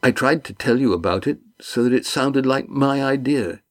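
A man's voice: mid-range voice, normal speed, pitched above the performer's own voice, close to an everyday voice. A man reading the part of a scheming young sailor, now beaten, speaking in a pleading, miserable way. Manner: whiny, pleading.

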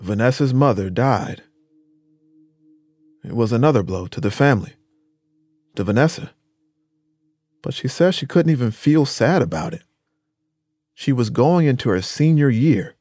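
A man narrating a documentary story in a measured, scripted way. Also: medium pitch, expressive, dark tone, dry recording.

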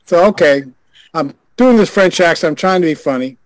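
A man's voice: on the high side, fairly quick, dry recording, poor audio. An older man, a guest on a group call, telling a frank show-business story with wry chuckles. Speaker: guest, former adult film director. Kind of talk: anecdote in a group video call.

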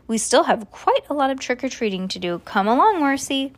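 A woman's voice: sits high, sing-song, a little fast, pitched above the performer's own voice. A woman voicing a genteel, polite wife who speaks in a proper, gracious way in a storybook reading.

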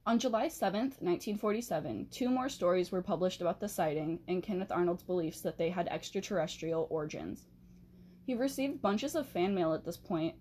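A woman hosting a podcast tells a history story in a relaxed, conversational way. She slips in chatty asides and corrects herself as she goes. Her voice sits at an ordinary middle pitch for a woman. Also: slight background noise. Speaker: podcast host. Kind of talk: casual podcast narration of history. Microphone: handheld mic she has to hold still.

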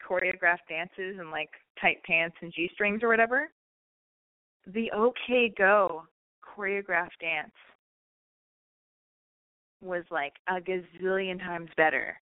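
A woman's voice: lowish voice, smooth, no room sound. An American woman in her thirties with a slight lisp, hosting a casual monologue, rambling, swearing and poking fun at herself. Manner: rambling, self-deprecating, swears freely. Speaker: podcast host. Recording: tinny phone-like sound.

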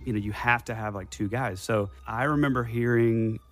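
A man's voice: mid-range voice, steady tone, normal speed, soft background music. A young adult man telling a personal story casually to a host, with a rambling, detail-heavy delivery full of restarts.

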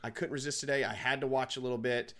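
A man's voice: medium pitch, steady tone, fast talker, over a noisy crowd. A man co-hosting a gaming podcast, chatting with upbeat enthusiasm and now and then announcing segments to listeners. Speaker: podcast co-host. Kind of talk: casual gaming podcast chat.

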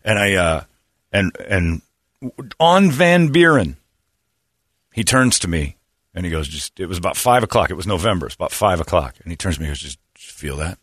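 Man, middle-aged, radio host, animated storyteller, deep voice, dry studio sound. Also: moderate pace, long pauses, no room sound. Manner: animated storyteller acting out quotes. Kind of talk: casual talk radio storytelling.

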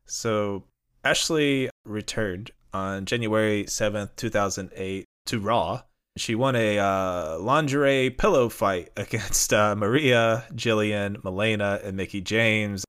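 A male podcast host who recounts events in a relaxed, chatty way with many fillers. His voice is fairly low. It sounds smooth and clear. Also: slow. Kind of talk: casual narration of a story.

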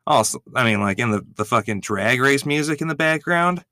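A man giving excitable, gushing reaction commentary, swearing freely as he reacts. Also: medium pitch, fairly quick, no echo, studio quality.

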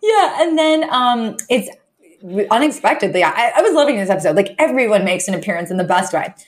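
A woman's voice: a little high, brisk. A woman co-hosting a podcast, chatting casually and animatedly about a TV episode, often acting out lines. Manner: animated, laughing, acts out quotes. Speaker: podcast co-host. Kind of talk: casual chat recapping a TV episode.

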